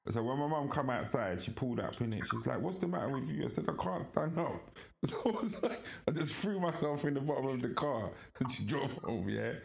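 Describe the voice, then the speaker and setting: A man, co-hosting a podcast in casual chat and telling animated stories with frequent laughter. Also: medium pitch, brisk, creaky, hardly any pauses. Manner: animated storytelling, laughs often. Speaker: podcast co-host.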